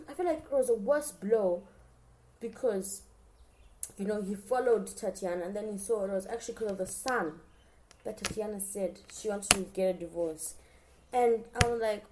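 A woman talking casually as a podcast host, chatty and expressive, often addressing her listeners directly. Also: mid-range voice, unhurried, a little hiss or hum. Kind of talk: casual show recap chat.

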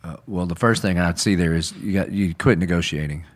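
Brief pastor man, lowish voice, earnest conversational preaching, dramatizes quotes. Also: fairly quick. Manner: earnest, conversational, acts out quotes with rising intensity. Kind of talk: sermon-style podcast discussion.

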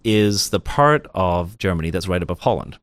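Deep-voiced man telling jokey anecdotes. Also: animated, moderate pace, no echo. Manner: chatty storyteller, joking anecdotes with restarts. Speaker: guest, financial professional with clients. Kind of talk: casual interview chat.

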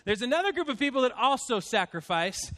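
A man in his fifties, a pastor addressing his church congregation in a heartfelt, halting way, choked up with emotion. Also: extremely high pitch, sing-song, a bit bright.

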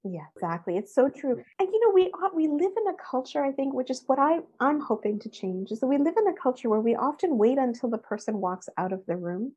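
High-voiced, animated woman storyteller. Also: fast talker, hardly any pauses, breathy edge, dull audio. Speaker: interview guest, workshop speaker. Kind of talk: storytelling in a podcast interview.

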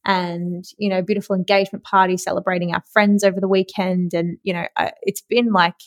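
A woman's voice: on the low side, a little fast, no room sound. Chatty Australian woman podcaster. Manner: chatty and excitable, laughs often, swears casually. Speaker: podcast host. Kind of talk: casual solo podcast storytelling.

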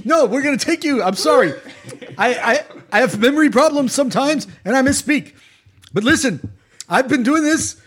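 A man voicing a boastful older male river barge captain who rambles through a salesman's pitch, as an impression of a well-known public figure. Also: lively intonation, moderate pace. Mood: wheedling. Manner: rambling salesman patter, loud and emphatic.

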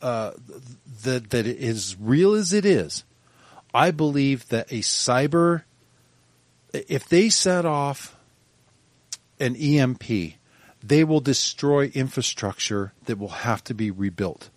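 A man co-hosting a casual podcast, talking in quick bursts with frequent restarts and sudden lively bits of mimicry. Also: mid-range voice, no echo. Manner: talks in bursts, restarts often, animated when mimicking others. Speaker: podcast co-host.

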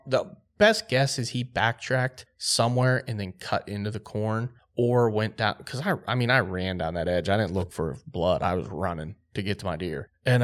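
A man with a somewhat low voice recounts a story on a podcast in relaxed, casual talk, his speech thick with "like" and fillers. He brings the tale to life by acting out the back-and-forth of what people said. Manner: excited, lively retelling with quoted dialogue; laid-back, filler-heavy speech with frequent "like". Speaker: podcast co-host.

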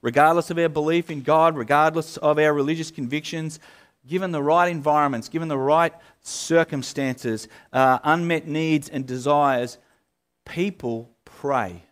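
A male pastor, preaching in a relaxed, conversational way, full of fillers and restarts. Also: medium pitch. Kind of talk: sermon.

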